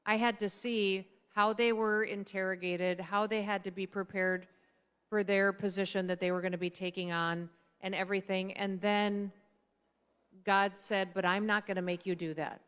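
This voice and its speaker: A woman's voice: mid-range voice, level tone, normal speed, fairly bright tone, clear, resonant tone. A middle-aged woman giving a conversational speech at a political dinner, telling an anecdote and acting out the dialogue of the people in it. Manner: conversational, acts out quoted dialogue. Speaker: guest speaker at a political dinner.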